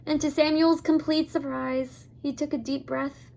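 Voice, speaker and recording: A woman teacher reads a novel aloud to her students, then talks about the chapter in a relaxed, hesitant way. Her voice is high with a gravelly rasp at the edges. She narrates plainly and speaks to the class directly. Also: moderate pace. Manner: casual, hesitant asides with fillers.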